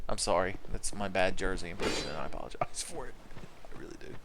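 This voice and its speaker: A man streaming a video game, joking, swearing and shouting out bursts of excitement as he plays. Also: low-pitched, fast talker, a little hiss or hum. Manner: joking, profane, excitable outbursts. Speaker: livestreamer playing a video game. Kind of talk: casual gameplay commentary.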